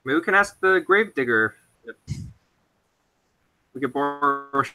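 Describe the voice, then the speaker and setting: Brief: man player, very bright, high lively voice, earnest and stammering. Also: measured pace, poor audio. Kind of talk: in-character tabletop play.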